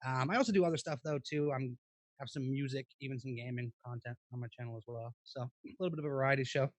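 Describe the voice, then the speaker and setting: A man guesting on a casual livestream, introducing himself in a relaxed way with lots of ums. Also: mid-range voice, fast. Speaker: guest YouTuber.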